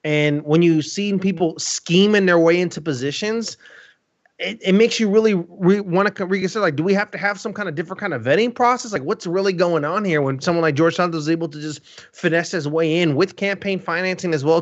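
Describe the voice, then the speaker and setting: Male panelist from Brazil, joking and rambling, slightly high voice, muffled stream sound. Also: brisk. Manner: rambling, joking, many fillers and restarts. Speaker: panel co-host. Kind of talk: casual panel chat. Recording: dull lo-fi stream audio.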